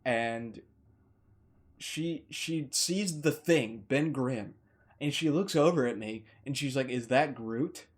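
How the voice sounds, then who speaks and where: Excitable man rambling through a review. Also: medium pitch, slow pace. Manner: excitable, gushing, rambles with restarts and mild swearing substitutes. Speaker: movie reviewer. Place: indoors, warm room.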